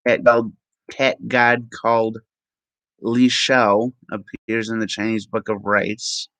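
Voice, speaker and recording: A man reads aloud to his vlog audience at an unhurried, plodding pace. His voice sits on the low side, and he often stops with an "uh" or goes back to fix a word. The sound is dry and close, with no room echo. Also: monotone, a bit bright. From Minnesota. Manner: halting, with ums and self-corrections. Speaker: vlogger. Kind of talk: reading aloud from web pages.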